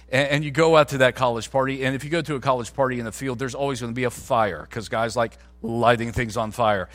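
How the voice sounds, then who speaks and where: A man's voice: medium pitch, a bit bright. A man, a pastor, preaching a sermon in a conversational way that climbs to emphatic peaks.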